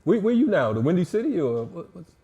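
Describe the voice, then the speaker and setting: A man's voice: high-pitched, big pitch swings, fast, crowd noise. A man co-hosting a casual podcast chat, trading teasing, joking banter. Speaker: co-host.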